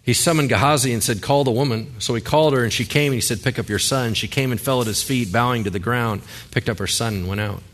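A man's voice: medium pitch, fast, hardly any pauses, fairly bright tone. A male pastor giving a sermon in a conversational way, with joking asides and rhetorical questions.

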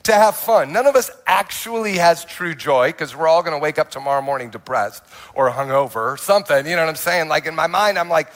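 A young adult male pastor telling his testimony in a sermon, animated and full of restarts and quoted asides. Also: a little high, fairly quick.

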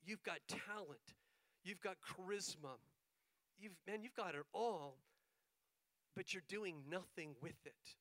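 Bright high-voiced male pastor. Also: slow pace, pauses often, no echo, poor audio. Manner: animated storyteller acting out quoted dialogue. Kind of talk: sermon storytelling.

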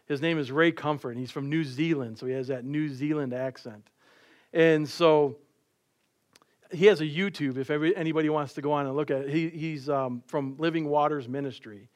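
A man's voice: on the high side, moderate pace. A middle-aged man preaching a sermon, telling stories with light laughs and playful quoted voices.

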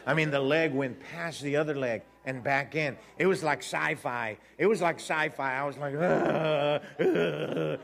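A man giving an animated personal testimony, acting out voices, laughing and repeating himself as he tells it. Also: mid-range voice, moderate pace, hardly any pauses.

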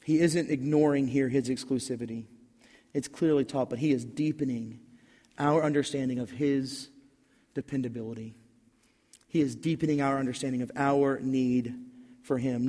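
Conversational pastor preaching in a reverberant hall. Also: male voice, medium pitch, fairly even intonation, moderate pace, mellow. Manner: conversational preaching, building to emphatic peaks. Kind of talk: sermon.

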